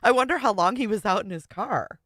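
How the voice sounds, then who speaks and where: A woman's voice: medium pitch, animated, a little fast, a bit bright, dry recording, studio quality. A woman hosting a live stream, chatting casually in reaction to a video, laughing constantly and swearing freely. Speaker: livestream host. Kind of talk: casual livestream reaction commentary.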